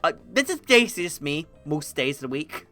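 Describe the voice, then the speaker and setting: A woman streaming and commenting on memes in casual talk, rambling and animated, laughing often and swearing freely. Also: sits low, a little fast, no echo, faint music behind. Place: home desk setup.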